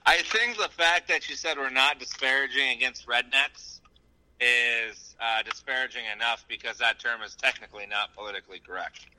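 A man co-hosting a podcast, chatting in an animated, joking way. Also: medium pitch, normal speed, low-quality recording. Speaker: podcast co-host. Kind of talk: casual chat.

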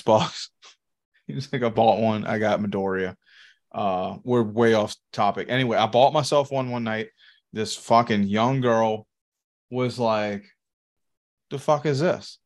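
A man, co-hosting a podcast in casual, profane chat and telling rambling stories with laughs. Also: fairly low pitch. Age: 30s. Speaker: podcast co-host.

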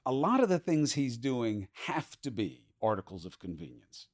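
A man with a mid-range voice hosts an interview podcast. He talks quickly and casually, with plenty of fillers and asides. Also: mid-range voice, sing-song. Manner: quick, conversational, with many fillers. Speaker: podcast host.

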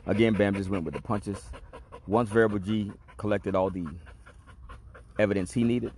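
A man with a very deep, low voice tells a rambling personal story on his podcast. He talks in a laid-back, streetwise and profane way, with a faint hiss of noise behind him. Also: fairly even intonation, normal speed, a little mellow. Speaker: podcast host. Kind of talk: casual storytelling monologue.

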